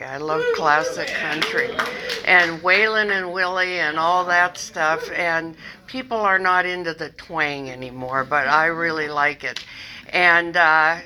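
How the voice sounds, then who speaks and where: Older lady from northern minnesota telling her recovery story, slow and bright, laughs at herself a lot. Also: lowish voice, a little hiss or hum, rough recording. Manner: chatty, self-deprecating, laughs often. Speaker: recovery meeting speaker. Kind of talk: personal recovery talk.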